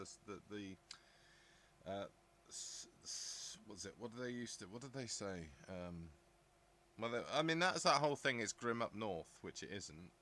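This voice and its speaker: Reading his chat on a live stream, a middle-aged southern English man muses and rambles casually in reply to viewers. His voice is lowish, bright and forceful, with slight background noise.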